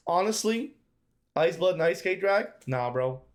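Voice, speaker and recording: A man's voice: high-pitched, animated, measured pace. A man streaming live, giving casual, emphatic commentary and repeating his points, often calling the chat "bro".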